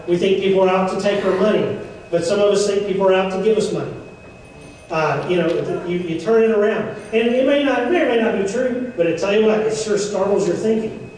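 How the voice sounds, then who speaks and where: A man's voice: sits high, darkish tone, slight background noise. A man giving a seminar talk, chatty and joking with playful asides. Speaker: seminar speaker. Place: event room. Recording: echoey room, mic far off.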